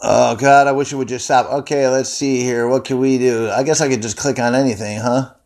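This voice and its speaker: A man vents into his phone at home in a rambling, unscripted rant. He swears constantly and keeps a steady, everyday pitch that is neither deep nor high. His delivery is angry and loose, full of repeated words and restarts. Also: a little fast. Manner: angry, heavily profane, rambling. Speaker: vlogger. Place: indoors at home, seated.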